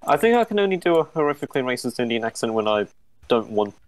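A man's voice: mid-range voice, sing-song, quick pace, no echo. A man in a casual gaming chat giving short, terse callouts about the game. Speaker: gamer.

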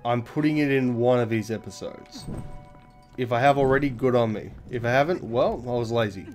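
Young Aussie guy, mid-pitched, chatty and self-mocking over gameplay, faint game music underneath. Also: fairly quick, a little mellow. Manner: rambling, self-deprecating, sweary. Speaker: let's play commentator. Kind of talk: casual gameplay commentary.

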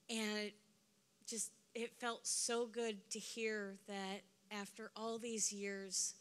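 A woman's voice: medium pitch, fairly bright tone, clear, resonant tone. Daughter speaking at her mother's memorial; casual, conversational anecdote delivery. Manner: conversational storytelling, acting out dialogue. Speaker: daughter giving a eulogy. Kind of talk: memorial tribute.

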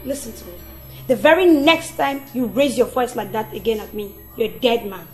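An actress with a Nigerian accent playing a stern, quick-tempered young wife who speaks in a firm, cutting way. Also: female voice, a little high, a little mellow, lightly acted. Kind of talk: film drama acting. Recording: film audio with faint music.

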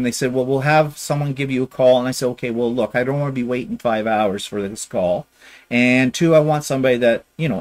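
A middle-aged man from Canada, co-hosting a casual chat and telling a long rambling story. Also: on the high side. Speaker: podcast co-host.

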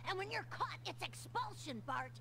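Bratty cartoon schoolboys, taunting and shrill. The voice sits high. Game audio with a clear hum runs under it. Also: female voice, lively intonation, moderate pace, sharp tone, full character voice.

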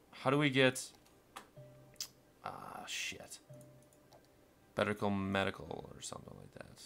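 A young man commentating his city-building game, muttering along and then bursting into panicked, cursing shouts. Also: lowish voice, creaky. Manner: swings from mumbling to panicked yelling, swears constantly. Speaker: gameplay streamer. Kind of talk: casual let's-play commentary.

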